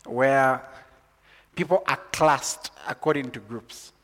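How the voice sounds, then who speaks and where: A man from Zambia delivers a sermon in a somewhat high voice. He starts calm and teaching, then builds to loud, excited preaching. The sound rings with long reverb, like a large hall. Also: normal speed.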